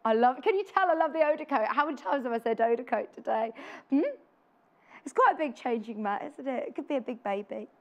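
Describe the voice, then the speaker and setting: A woman's voice: fairly high pitch, animated, a little fast, muffled recording. A woman presenting a live TV shopping demonstration in a studio, chatty and upbeat, often putting questions to the viewer.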